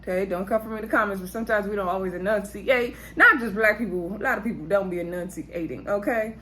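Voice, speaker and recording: A woman's voice: mid-range voice, quick pace, bright, forceful tone, a little hiss or hum. Chatty woman recapping reality TV. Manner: chatty, talks straight to viewers, laughs often. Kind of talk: casual episode recap.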